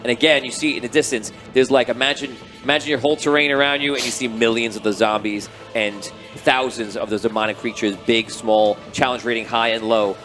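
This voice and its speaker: A man's voice: medium pitch, fairly quick, hardly any pauses, faint music behind. Man rambling as game master. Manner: rambling, animated storytelling with restarts. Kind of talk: narrating a tabletop game.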